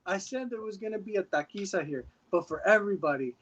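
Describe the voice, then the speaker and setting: A man voicing a tipsy, emotional man who scolds a cousin at a family party with loud, bantering, affectionate insults. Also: sits high, expressive, quick pace, poor audio. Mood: tipsy scolding.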